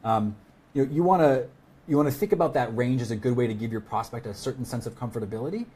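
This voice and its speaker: Mellow, husky man teaching sales. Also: mid-range voice, fast talker. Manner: conversational, many fillers and restarts. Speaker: sales expert guest. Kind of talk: casual webinar teaching.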